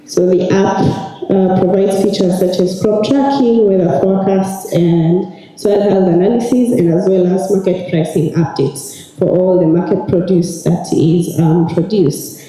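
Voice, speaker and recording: A woman trainer, hoarse and raspy from a cold, giving an upbeat ceremony speech and calling out to the audience. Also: on the low side, fairly even intonation, measured pace, warm tone. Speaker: cybersecurity trainer. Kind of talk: ceremony speech presenting student projects. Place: large hall at a graduation ceremony. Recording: echoey hall.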